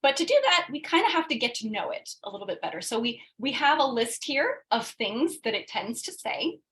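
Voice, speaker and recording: Workshop presenter, woman, somewhat high voice, animated and conversational, on a video call. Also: fairly quick, low-quality recording. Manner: animated, acts out quoted voices, frequent tag questions. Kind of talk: interactive coaching workshop talk.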